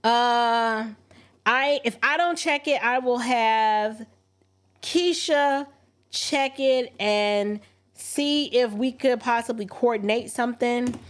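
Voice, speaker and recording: A woman hosting a casual livestream, reading viewer messages aloud and answering them with lively, sassy asides. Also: fairly high pitch, slow pace. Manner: animated, talks back to viewers, slips into sassy mock voices. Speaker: livestream host. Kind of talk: casual livestream chat reading super chats.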